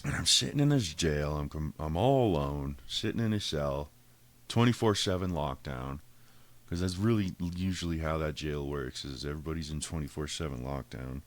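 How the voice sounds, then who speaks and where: A man's voice: rumbling low, normal speed. A man hosting a podcast, telling a story casually and full of swearing, acting out the quotes of each person. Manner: profane, animated retelling, acts out quotes. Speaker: podcast host.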